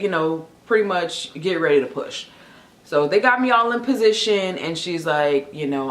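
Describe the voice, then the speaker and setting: Chatty young woman vlogger, echoey room. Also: medium pitch. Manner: chatty, filler-heavy, animated retelling. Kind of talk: casual storytelling vlog.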